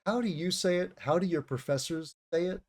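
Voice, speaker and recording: This man, an interviewer and English teacher, talks with a guest for an audience of learners, explaining vocabulary and musing aloud as he goes. He has a high-pitched, slightly mellow voice and a brisk pace.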